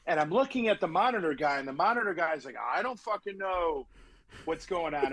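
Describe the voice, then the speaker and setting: A middle-aged man, a musician guest on a podcast, tells road stories in a casual, animated and profane way. He acts out the people he quotes. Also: a little high, husky, low-quality recording. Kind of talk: casual storytelling chat.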